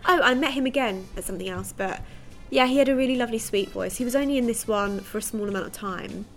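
A woman's voice: a little high, quick pace, soft background music. A woman being interviewed as a guest, chatting casually and joking about herself, laughing often. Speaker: guest actress. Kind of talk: casual chat.

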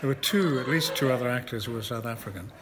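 Older Scottish actor, self-deprecating storyteller, mid-pitched, recorded with noticeable background noise. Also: male voice, fast. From Scotland. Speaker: actor interviewee. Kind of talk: casual interview chat. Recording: noisy ambient background.

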